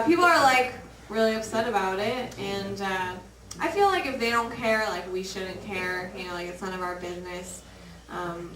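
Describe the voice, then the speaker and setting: A woman's voice: medium pitch, distant mic. A woman doing open mic stand-up with a hesitant, offbeat delivery. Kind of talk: stand-up comedy. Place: comedy club. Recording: echoey noisy club from afar.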